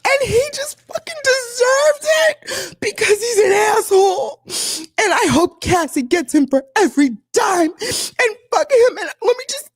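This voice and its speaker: A woman mimicking a tearful, furious woman friend who sobs and shouts in a high, strained voice. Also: animated, unhurried, dry recording. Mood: sobbing rant. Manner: sobbing, high-pitched shouting rant. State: crying.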